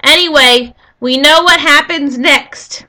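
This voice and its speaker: A woman's voice: sits high, takes it slowly, bright, forceful tone. A woman giving a casual, rambling history lesson, full of jokey asides to her viewers. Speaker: history video host.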